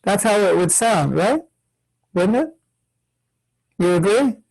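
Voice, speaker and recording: Older man, gravelly voice, slightly high pitch, patient teacher on a video call with kids. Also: expressive, moderate pace, darkish tone, rough recording. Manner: patient, questioning, acts out chanting examples. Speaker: spiritual teacher. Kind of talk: online workshop for children.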